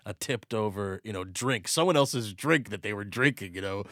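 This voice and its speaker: A man chatting casually about movies, telling stories with sudden bursts of excitement and some swearing. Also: fairly low pitch, moderate pace, dry recording, clean studio sound.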